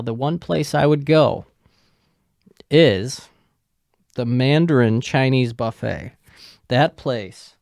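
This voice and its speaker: Gravelly, profane man hosting a podcast. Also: medium pitch, a little mellow, no echo, studio quality. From United States. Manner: profane, rambling, joking. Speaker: podcast host. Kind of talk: casual podcast chat.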